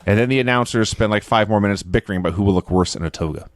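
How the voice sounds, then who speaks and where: A man co-hosting a podcast, telling a story in a casual, animated way and acting out the quotes he tells. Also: on the low side, rapid-fire, no echo. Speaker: podcast co-host. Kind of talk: casual recap chat.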